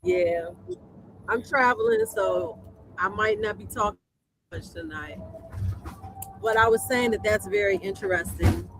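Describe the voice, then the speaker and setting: A woman co-hosting a casual online chat while she travels on the road, speaking softly over a weak phone connection. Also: mid-range voice, unhurried, long pauses. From Maryland. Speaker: co-host. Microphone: phone on a weak call connection. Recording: noisy call from a moving vehicle.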